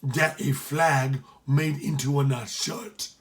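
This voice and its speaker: A man's voice: mid-range voice, fairly even intonation, slow, close to an everyday voice. A man voicing a limping Jamaican pirate with a Jamaican accent, who asks blunt, puzzled questions. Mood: correcting.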